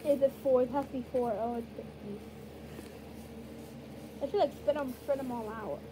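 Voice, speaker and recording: A woman chats as she sorts paper crafts with a friend, her voice high. She repeats phrases in a sing-song way. The home recording is full of background noise. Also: normal speed. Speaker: co-host sorting crafts. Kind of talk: casual chat on camera.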